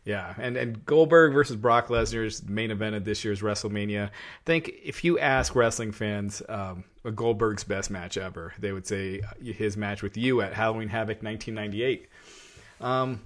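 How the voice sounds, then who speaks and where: A man's voice: fairly low pitch, moderate pace. A man hosting an interview who asks long, winding questions with a fan's enthusiasm. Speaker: interviewer, podcast host. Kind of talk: casual interview chat.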